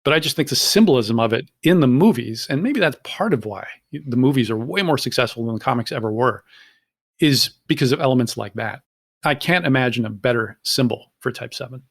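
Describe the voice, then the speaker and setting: A man's voice: medium pitch, expressive, fairly quick, vocal fry. A man with a mid-range voice talks through his views on a podcast. He speaks fluently and reflectively, in a casual tone. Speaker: podcast co-host. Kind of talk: casual discussion.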